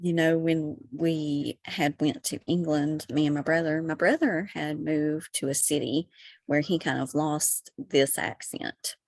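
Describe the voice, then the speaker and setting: A woman's voice: low-pitched, steady tone, unhurried, a little mellow, no room sound. A woman from Kentucky with a Kentucky accent, a podcast guest chatting casually, full of "you know" and "like". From Kentucky, USA. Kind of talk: casual conversation.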